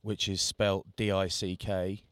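A man's voice: sits low, flat delivery, measured pace, fairly bright tone, clear, resonant tone, no room sound. A middle-aged man co-hosting a podcast, telling self-mocking stories in casual chat. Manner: jokey storytelling, self-mocking. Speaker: podcast co-host.

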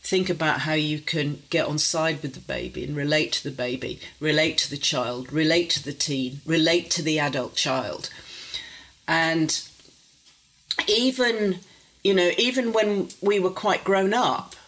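A woman's voice: low-pitched, a little slow, fairly bright tone, rough recording. An older woman from near Warrington, a psychotherapist telling wry family stories in a casual interview. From England, near Warrington. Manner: wry, self-mocking, acts out quoted voices. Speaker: interview guest, psychotherapist and author. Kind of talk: casual conversational storytelling.

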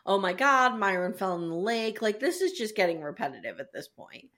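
A woman's voice: mid-range voice, brisk. A woman co-hosting a podcast, telling a recap in a casual, profane, laughing way. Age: adult with children. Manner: animated, laughing, profane storytelling. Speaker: podcast co-host recapping a show. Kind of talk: casual chat.

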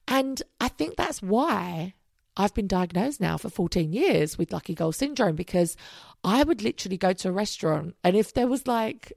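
A woman's voice: mid-range voice, sing-song, moderate pace, darkish tone, no room sound, studio quality. A woman in her thirties hosting a podcast, talking casually and upbeat, swearing now and then and rambling off track. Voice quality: gravelly vocal fry. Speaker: podcast host. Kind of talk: casual solo podcast monologue.

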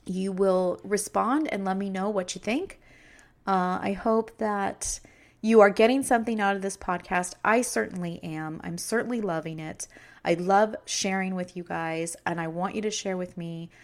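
A woman's voice: medium pitch, steady tone, normal speed. A middle-aged woman hosting a personal podcast, talking earnestly and emotionally about kindness and her children. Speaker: podcast host.

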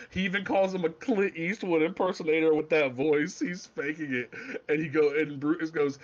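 A man's voice: a little high, brisk, highs cut off. A man casually chatting as a podcast co-host, rambling and exasperated, swearing freely. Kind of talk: casual chat.

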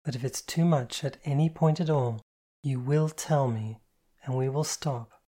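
A reader voicing a stern yet tender woman in charge, speaking in quiet, low, measured commands. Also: natural voice.

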